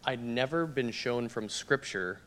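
A man from the congregation giving an earnest, halting testimony. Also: mid-range voice, a bit bright, a little hiss or hum. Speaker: congregation member giving thanks. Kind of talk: spoken testimony.

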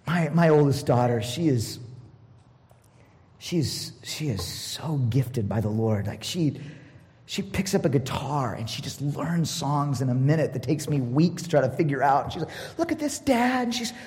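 A middle-aged man preaching a personal sermon as a pastor, expressive and laughing, moving between loud bursts and hushed asides. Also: medium pitch, moderate pace. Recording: long hall reverb.

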